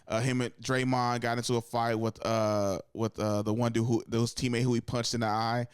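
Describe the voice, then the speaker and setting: Rambling, profane young man with a smooth voice. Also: little pitch movement, moderate pace, no echo, studio quality. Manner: rambling, profane, acts out quotes with sudden high-pitched bursts. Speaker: podcast co-host. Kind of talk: casual sports chat.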